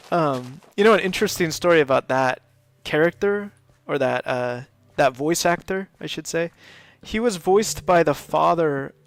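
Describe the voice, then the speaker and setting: A man's voice: on the high side, gravelly. A man chatting casually while streaming a building game, laughing often and filling his talk with lots of ums. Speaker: live gaming streamer.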